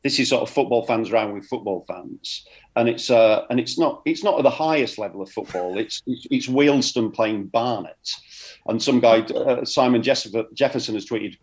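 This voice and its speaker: A man's voice: mid-range voice, moderate pace. A man chatting casually as a comedian guest, rambling and repeating words, often laughing. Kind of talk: casual chat.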